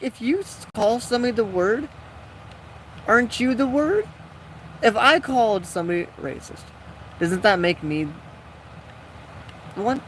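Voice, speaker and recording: A man's voice: extremely high pitch, lively intonation, unhurried, pauses often, fairly bright tone, a little hiss or hum. A man casually telling a rambling, jokey story while building in a game, acting out the people he quotes. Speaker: gaming video creator.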